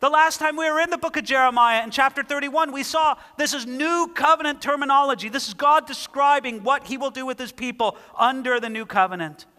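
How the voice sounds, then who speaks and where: A man preaching a sermon, reading scripture aloud and speaking it with lively emphasis. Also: extremely high pitch, a little fast, few pauses, big-room sound. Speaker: pastor.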